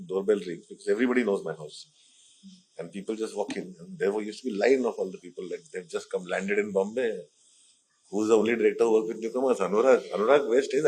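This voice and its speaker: A man's voice: lowish voice, breathy edge, rough recording. A middle-aged man with an Indian English accent, a film director telling rambling stories in an interview and slipping into Hindi phrases. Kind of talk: casual interview talk.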